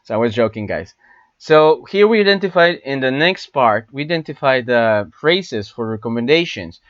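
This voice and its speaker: A man whose first language is Spanish, teaching an online English lesson, explaining and repeating phrases slowly and often tagging questions with "no?". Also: mid-range voice, lively intonation, no room sound, dull audio.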